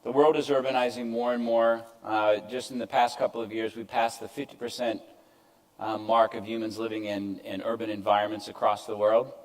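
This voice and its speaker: A man's voice: fairly low pitch, flat delivery, a little fast, poor audio. An older man giving a conference presentation to an audience, conversational with self-deprecating asides. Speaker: keynote speaker. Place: event stage before an audience.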